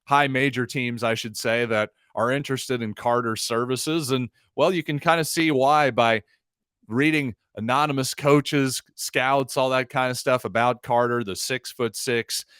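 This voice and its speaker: A man's voice: medium pitch, fairly even intonation, unhurried, a bit bright, clean tone, no echo, clean studio sound. A man hosting a solo sports podcast, talking through the news in a conversational way with wry, sarcastic asides. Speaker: podcast host.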